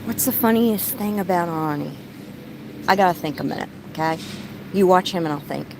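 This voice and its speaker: A woman's voice: lowish voice, moderate pace, vocal fry, noisy background. A middle-aged woman telling stories in a casual vlog, chatty and breaking off to talk to her pet bird. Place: rural home, outdoors.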